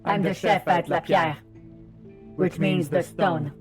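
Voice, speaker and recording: A man's voice: high-pitched, steady tone, takes it slowly, faint music behind. A man reading aloud the lines of a proud, weary woman restaurant chef from a game, earnest and sighing.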